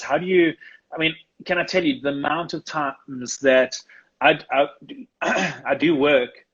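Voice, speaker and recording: A South African man chatting casually as a guest photographer, laughing often and clearing his throat. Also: mid-range voice, fairly bright tone, highs cut off. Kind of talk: casual live chat.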